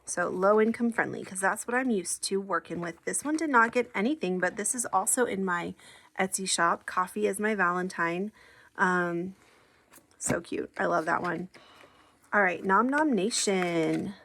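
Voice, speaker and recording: Upbeat and friendly, a savings challenge creator counts money out loud as she chats casually. She has a mid-range, slightly bright voice and speaks at a moderate pace.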